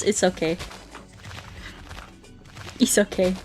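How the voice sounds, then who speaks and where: A woman's voice: mid-range voice, moderate pace. A woman streamer and ASMR artist chatting casually with her viewers, playful and self-joking, with faint game music behind her. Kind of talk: casual livestream chat with viewers.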